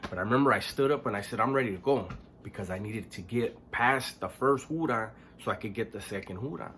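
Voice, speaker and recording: Man, lowish voice, halting blunt storyteller, faint noise under the track. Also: a bit bright. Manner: low-key, halting, frequent restarts and throat clearing; blunt, swears freely. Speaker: storyteller recounting his past. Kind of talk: casual spoken storytelling.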